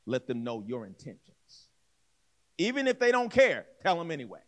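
At a normal speed, a male pastor delivers a sermon in a high, lively voice that swoops up and down. He addresses the congregation directly and casually, acts out the people in his story, and often repeats himself or restarts phrases.

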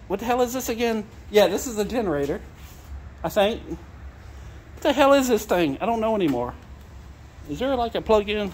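A man's voice: high voice, a little hiss or hum. A man vlogging outdoors by a trailer, laughing to tears and apologizing as he rambles about used gear he plans to sell. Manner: giggly, apologetic, keeps laughing. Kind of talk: casual rambling vlog.

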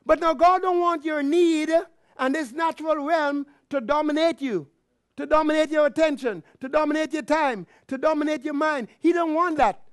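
A man's voice: very high-pitched, no room sound, studio quality. A man preaching a sermon as pastor, asking the congregation questions and calling out praise. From Canada. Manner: preaching with call-and-response questions and exclamations.

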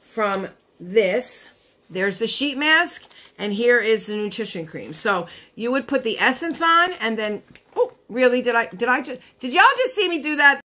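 A woman's voice: fairly high pitch, lively intonation, measured pace, sharp tone. Gushing, emotional woman vlogger. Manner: gushing, emotional, chatty with lots of "like" and "you know". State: choked up, near tears. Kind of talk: casual chat to camera.

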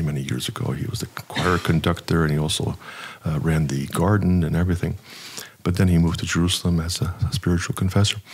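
Low gravelly middle-aged priest. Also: male voice, a little mellow. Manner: unhurried, hesitant, many fillers. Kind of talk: personal storytelling in an interview.

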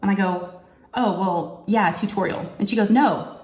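In an echoey home craft room with faint noise, a chatty crafting vlogger talks casually while diamond painting. Her darkish voice has fairly even intonation and a moderate pace, and she acts out quotes in a higher voice.

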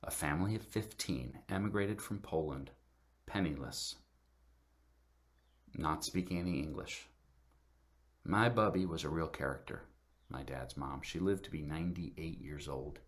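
A middle-aged man telling a personal story to a congregation, halting, with many fillers and restarts. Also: rumbling low. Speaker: guest speaker at church service.

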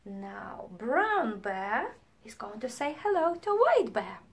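A woman leading a sing-along music lesson for young children, animated and playful, singing and dropping into hushed whispers. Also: fairly high pitch, slow, husky. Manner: animated, swings between sung lines and hushed whispers.

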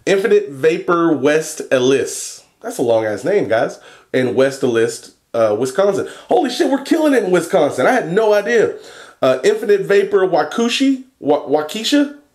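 A young man talking casually in a vlog, cursing and joking as he reads a long list of shout-outs and stumbles over place names. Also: a little high, sing-song, moderate pace. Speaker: vlogger and e-liquid maker.

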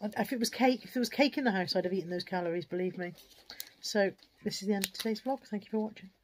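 Brief: frank, chatty British woman, mid-pitched, talking into a handheld phone at home. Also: fast talker. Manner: chatty, frank, self-deprecating. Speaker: vlogger. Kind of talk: casual chat to camera. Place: at home, kitchen and bedroom.

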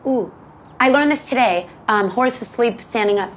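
A young woman answering quick-fire questions in an interview outdoors in the countryside, chatty and bubbly, laughing often and saying "like" a lot. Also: on the high side, slight background noise, low-quality recording. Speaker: singer and actress being interviewed.

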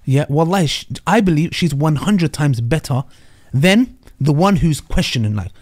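A man hosting a reaction discussion, commenting in an animated way and mixing in Arabic religious phrases. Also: on the high side, moderate pace. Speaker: host reacting to a debate clip. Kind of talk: casual commentary.

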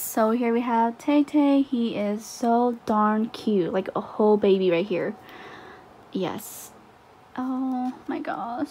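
A woman vlogger chatting casually through an unboxing, gushing and excitable with frequent laughs. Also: a little high, a little hiss or hum.

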